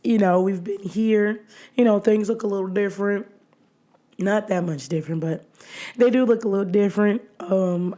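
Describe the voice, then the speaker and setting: This is a podcast host, a woman, talking casually on her own show with a voice gone hoarse and almost lost. She's chatty, frequently breaking into laughter between phrases, and her mid-range voice carries a warm tone.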